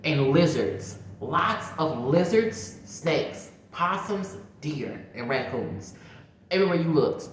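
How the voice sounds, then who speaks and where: A woman, a vlogger telling a story in a casual, animated, profane way, talking straight to her viewers. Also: deep voice, slow, a little hiss or hum. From Mississippi. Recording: very echoey room.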